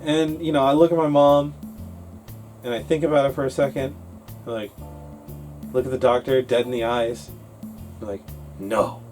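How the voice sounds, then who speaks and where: A man co-hosting a casual English-learning talk show, telling a story in an animated way and acting out his younger self. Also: mid-range voice, normal speed, long pauses, faint music behind.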